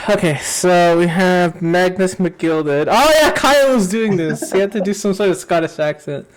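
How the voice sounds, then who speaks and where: Young man, streamer, rambling, slightly high voice, laughs a lot. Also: smooth. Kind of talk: casual game stream chat.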